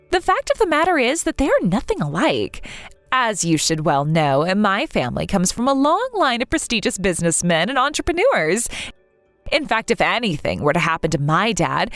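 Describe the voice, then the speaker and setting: A spoiled, cruel sister-in-law , put on by a woman reading a text story, who taunts in a sneering, sing-song way. Her pitch swoops widely. The voice sounds dry and close, with faint music behind. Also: fairly bright tone, no room sound. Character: snobbish wealthy sister-in-law, mocking and cruel.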